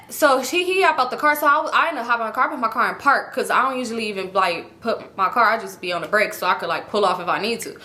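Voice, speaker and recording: A young woman telling a story in a casual vlog, animated and swearing freely as she acts out both sides of the conversations. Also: a little high, a little fast. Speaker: storytime vlogger.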